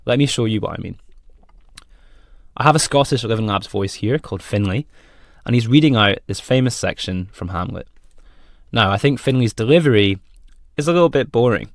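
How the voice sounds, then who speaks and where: A man presenting a software demo in a friendly, plain explanatory tone. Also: on the low side, expressive, fairly quick, pauses often, dry recording, clean studio sound. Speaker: product presenter.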